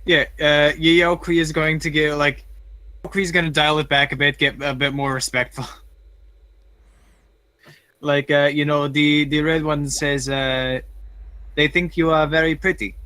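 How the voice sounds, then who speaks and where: A man playing a tabletop game, talking in a measured, thoughtful way. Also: on the high side, level tone, bright, forceful tone, clear, resonant tone. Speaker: player. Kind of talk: casual tabletop game chat.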